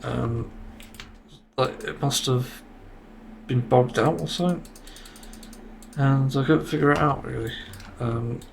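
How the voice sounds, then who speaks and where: A man's voice: medium pitch, slow, creaky, slight background noise. A man hosting a solo podcast, ranting in exasperation and swearing often. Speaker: podcast host.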